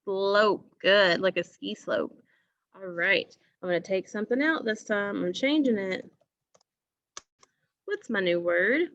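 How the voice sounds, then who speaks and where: Slow, deliberate woman teaching phonics. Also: medium pitch, animated, fairly bright tone, dry recording, muffled recording. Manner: slow, deliberate, encouraging, stretches words for emphasis. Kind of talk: phonics lesson for young children.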